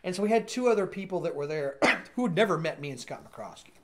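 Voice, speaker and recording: A man's voice: on the high side, fast, crowd noise. A man casually telling a funny story about a film shoot, laughing often and acting out the people he quotes. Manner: animated, laughing, acts out quoted voices. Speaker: podcast guest actor.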